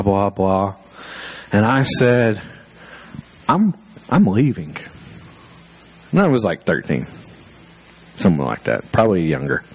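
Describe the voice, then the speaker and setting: A man's voice: lowish voice, darkish tone, poor audio. A male pastor preaching a sermon through personal stories, conversational and self-deprecating, with fillers and restarts.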